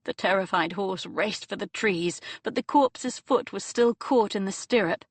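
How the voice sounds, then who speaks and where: A woman reading an audiobook novel in measured, dramatic storytelling narration on a close studio mic. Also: mid-range voice, breathy edge, no room sound.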